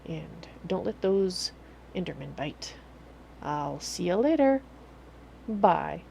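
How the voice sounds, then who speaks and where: A woman's voice: on the low side, very animated, slow, creaky, dark tone, slight background noise. A woman streaming a game live, chatting casually and rambling with self-corrections. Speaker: livestreamer. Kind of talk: casual livestream commentary.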